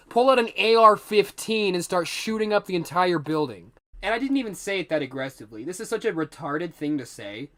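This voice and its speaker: High, bright-voiced young man swearing through a story. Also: brisk. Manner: profane, rambling, animated. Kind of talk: casual storytime vlog.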